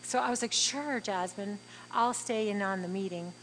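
A middle-aged woman, telling a heartfelt personal story in a halting, earnest way with frequent fillers. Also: mid-range voice, slight background noise, low-quality recording. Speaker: interviewee.

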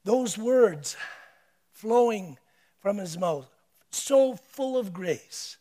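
Male preacher, high-pitched, emphatic sermon delivery with hushed and loud swings. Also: animated, very slow.

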